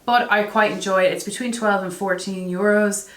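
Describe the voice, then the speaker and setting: A woman's voice: medium pitch, fairly even intonation, normal speed, roomy sound. A woman reviewing her makeup products in a chatty, self-deprecating way. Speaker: beauty vlogger. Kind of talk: casual product review vlog.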